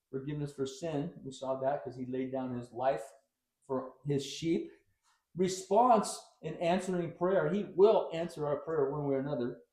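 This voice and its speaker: Pastor guy preaching, kinda high mellow voice, jokey asides, echoey church. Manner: conversational preaching with jokes and sudden emphasis. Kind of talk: sermon.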